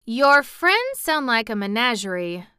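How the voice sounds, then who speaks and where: A woman's voice: fairly high pitch, big pitch swings, measured pace, sharp tone, clean tone, no echo, clean studio sound, voice pushed up, full character voice. A woman voicing a curious, uneasy young boy in an audiobook, asking many questions.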